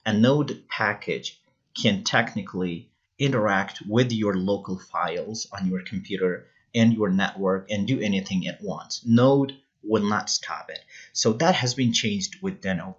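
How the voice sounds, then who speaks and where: A man talks through a programming tutorial in a casual, unscripted way, dropping frequent uh and um fillers and restarting words. His voice sits a little low and sounds slightly husky. The recording is dull and lo-fi. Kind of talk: casual screen tutorial explanation.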